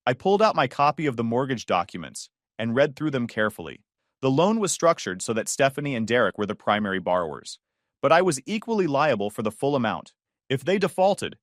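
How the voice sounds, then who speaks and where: Calm, wry male storyteller. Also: mid-range voice, no room sound, studio quality. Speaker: narrator. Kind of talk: first-person story narration.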